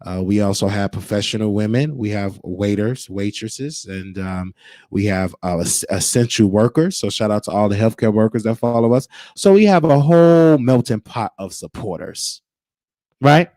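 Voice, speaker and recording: A man's voice: fairly low pitch, moderate pace, dark tone, dry recording. Guy ranting on his stream, preachy and repetitive, dry close sound. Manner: preachy, emphatic, repeats himself. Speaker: show host. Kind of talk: casual livestream monologue. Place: Texas.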